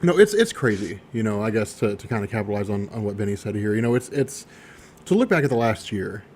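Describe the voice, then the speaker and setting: A man's voice: lowish voice, sing-song, fast talker, a little mellow, a little hiss or hum. A man co-hosting a podcast, rambling in a casual chat with many fillers. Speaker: podcast co-host.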